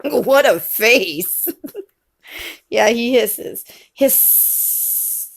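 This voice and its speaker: A mother reading a picture book with her small child, coaxing and gently teasing. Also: a little high, expressive, very slow, vocal fry.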